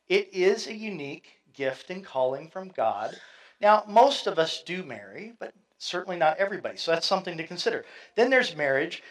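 A man's voice: on the high side, rough recording. A middle-aged man preaching a sermon in a conversational way, with fillers and asides, reading scripture aloud. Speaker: pastor.

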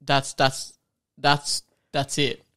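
A man's voice: mid-range voice, completely flat delivery, very slow, pushed and bright, clean tone, no room sound, clean studio sound. A man co-hosting a podcast, chatting casually about cars, explaining at length and restarting his sentences. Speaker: podcast co-host. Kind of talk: casual car chat.

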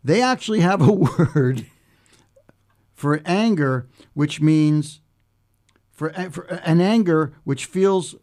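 A man's voice: on the high side, slow, pauses often, a little mellow. An American man talking casually with friends, laughing often and restarting with many fillers. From United States. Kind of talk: casual chat.

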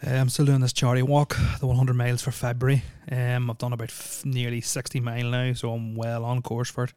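A man's voice: medium pitch, completely flat delivery, fairly quick, mellow, smooth, dry recording. A man hosting a solo podcast, rambling with lots of ums and dry jokes. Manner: rambling, filler-heavy, joking. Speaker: podcast host. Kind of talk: casual solo podcast chat.

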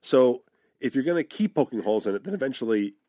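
A man's voice: mid-range voice, very animated, fast talker, warm tone, dry recording, studio quality. A man co-hosting a podcast, crude and joking in casual chat. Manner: joking, crude, riffs on improv. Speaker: podcast co-host.

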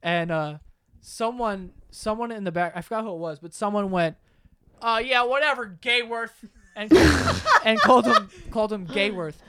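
A young podcast host with a high, expressive voice tells stories casually among friends at a moderate pace, his tone pushed and bright. He laughs while talking, swears freely, and acts out other people's lines.

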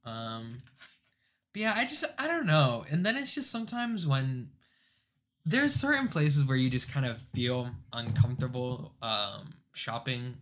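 A man's voice: medium pitch, big pitch swings, unhurried, fairly bright tone, slight background noise. A young man chatting casually in a laid-back way, telling stories with slang asides. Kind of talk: casual chat.

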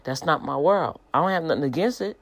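Low-voiced woman preaching casually. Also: fast talker. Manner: conversational, animated, addresses listeners as y'all. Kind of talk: informal preaching broadcast.

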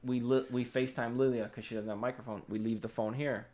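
A man's voice: mid-range voice, fast. A man in casual podcast chat, telling gaming stories with lots of laughing and swearing. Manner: laughs often, swears, animated storytelling.

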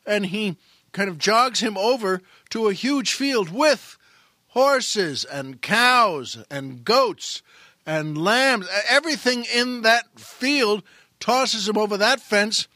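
A man tells a long comic joke in a high, bright voice that pushes forward with energy. He restarts phrases and calls out to the listeners as he goes. The sound is close and dry, like a studio. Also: slow, dry recording. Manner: animated storyteller with frequent restarts. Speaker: comedian and podcast host.

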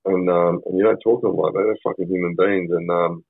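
Low husky Australian man with a tinny sound. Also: fairly even intonation, a little fast, no echo. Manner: blunt, sweary, rambling with many fillers. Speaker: podcast guest. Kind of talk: casual storytelling.

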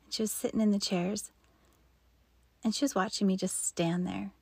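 A woman in her fifties telling a personal faith story in an earnest way, sometimes dropping into soft whispered asides. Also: mid-range voice, fairly even intonation, moderate pace, slightly rough, no echo. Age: 50s.

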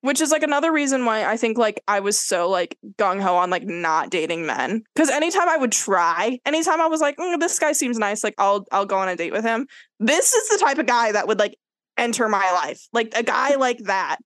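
A woman's voice: a little high, brisk, dry recording. A young woman co-hosting a podcast, telling a dating story in casual chat, with lots of "like" and acted-out quotes. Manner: animated storyteller, fills with "like", acts out quotes. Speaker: podcast co-host.

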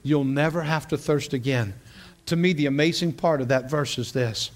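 Pastor, male, high voice, lively storytelling sermon. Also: normal speed. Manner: animated storytelling with frequent laughs and repeated words. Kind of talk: sermon, teaching a class.

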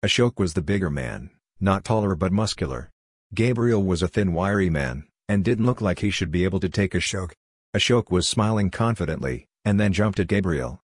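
A man narrating an audiobook story in a steady, even way. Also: deep voice, moderate pace, slightly rough, no echo, clean studio sound.

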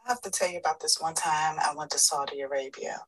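A woman's voice: low-pitched, quick pace, low-quality recording. A woman telling a funny travel story in a recorded voice note sent to a podcast. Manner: chatty storyteller, laughs at her own story. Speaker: listener sending a voice note.

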